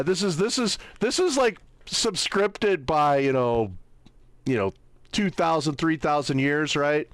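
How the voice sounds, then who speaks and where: A man's voice: a little high, a bit bright, no room sound. A man hosting a livestream, giving sarcastic, mocking commentary as he browses and squints at small text, often tossing out rhetorical questions. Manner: sarcastic, mocking, keeps asking "right?"; squints at small text, reads aloud haltingly. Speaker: livestream host.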